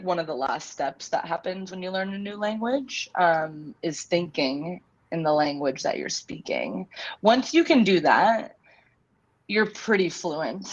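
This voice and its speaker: A woman tutors a student in a loose, chatty manner, explaining with everyday examples. Her voice sits a little low. The sound is dull and lo-fi, like a video call. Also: lively intonation, moderate pace. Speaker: online English tutor. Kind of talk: casual tutoring chat.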